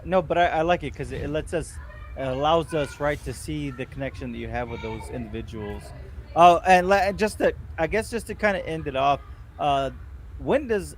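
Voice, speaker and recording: A man hosting a podcast with a voice a little higher than usual. He asks his questions in a halting, searching way, and faint background noise sits under his voice. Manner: brief affirmations, halting questions. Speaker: podcast host. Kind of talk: interviewing.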